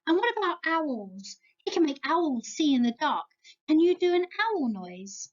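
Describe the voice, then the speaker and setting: English woman, children's church leader, slow and playful, lo-fi sound. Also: sits high. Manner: animated, slow and playful, speaking to young children. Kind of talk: children's Bible lesson. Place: church setting, home video.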